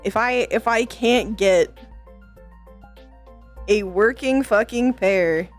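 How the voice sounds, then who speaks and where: A woman's voice: a little high, slow pace, faint music behind. A woman streamer venting to her chat in casual talk, frustrated, swearing often and stumbling over restarts.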